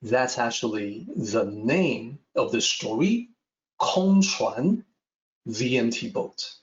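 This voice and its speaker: A man teaching a Taoist text, telling a traditional story in a measured lecture style. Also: medium pitch, far from the mic. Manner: slow, measured, with lively rises and falls. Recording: echoey room, dull sound.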